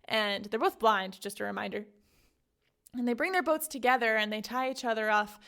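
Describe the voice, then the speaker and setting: Young woman host, chatty book recap, slightly high voice, lots of fillers. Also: lively intonation, normal speed, creaky, fairly bright tone. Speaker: podcast host. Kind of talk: casual book summary.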